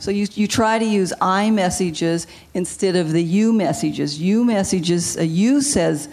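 A woman guest, a marriage counselor, giving advice in a measured way and explaining with example phrases. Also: on the low side, a little mellow.

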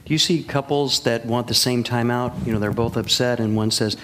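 A man's voice: mid-range voice, fairly even intonation, a little fast, hardly any pauses, fairly bright tone, a little hiss or hum. A man hosting a talk show, asking his guests questions in a wry, conversational way. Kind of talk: conversational interviewing.

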